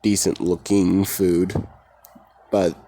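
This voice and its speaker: A man's voice: sits low, level tone, slow pace, dark tone. A man casually retelling a fan story in a rambling, profane way, full of fillers.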